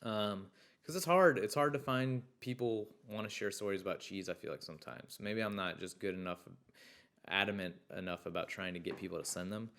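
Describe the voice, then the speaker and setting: A young man with a fairly low voice hosts a casual podcast and reads stories sent in by listeners. He breaks in often with loud, excitable reactions and free swearing, then settles back into easy chat. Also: fairly quick. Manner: excitable, swears freely, riffs loudly on stories. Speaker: podcast host.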